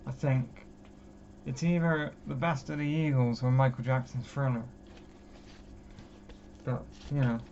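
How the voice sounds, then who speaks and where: Unhurried and flat, with long pauses, a young man from Britain chats about his records and mocks himself as he rambles. His medium-pitched voice has a darkish tone, and the dull lo-fi recording has clear background noise.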